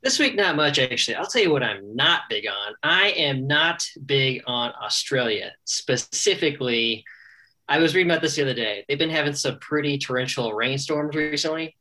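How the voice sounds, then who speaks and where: A man co-hosting a casual podcast, telling wry, animated stories. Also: mid-range voice, moderate pace. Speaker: podcast co-host. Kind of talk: casual chat.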